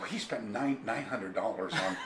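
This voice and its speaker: Telling a long anecdote as an interview guest, a karate author speaks at a moderate pace in a lowish voice, with a crowd audible in the background. He's animated and digressive, imitating people as he goes, in an echoey room of his home with faint ambience.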